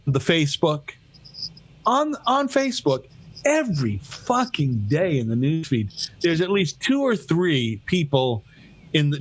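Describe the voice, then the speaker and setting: A man co-hosting a casual podcast, a former radio broadcaster who talks in an animated, profane way with many stumbling restarts. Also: fairly high pitch. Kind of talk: casual chat.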